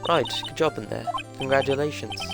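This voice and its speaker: A man voicing a calm, wise woman lawyer who mentors and encourages. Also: medium pitch, fairly quick, vocal fry, voice pushed up, natural voice. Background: loud game music.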